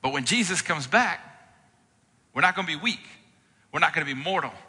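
A man's voice: a little high, animated, brisk, sharp tone, slightly rough, long reverb tail. A man preaching a sermon in an earnest, conversational way, with casual asides and scripture readings. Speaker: pastor.

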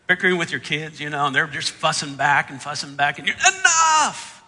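High, bright-voiced man preaching. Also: steady tone, quick pace, in a large hall. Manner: acts out the Bible characters' lines with big swings in pitch and volume. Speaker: pastor. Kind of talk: sermon.

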